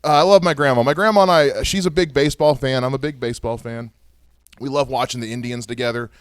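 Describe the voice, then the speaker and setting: A man's voice: medium pitch, steady tone, fast, dry recording. A young man doing a stand-up comedy set, self-deprecating and laughing at his own jokes. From Ohio. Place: small venue with live audience.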